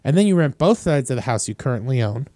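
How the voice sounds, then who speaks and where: A man's voice: mid-range voice, big pitch swings, fast talker, warm tone, no room sound. A man co-hosting a podcast in casual chat, chatty and hedging his opinions. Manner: chatty, hedging, laughs easily. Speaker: podcast co-host.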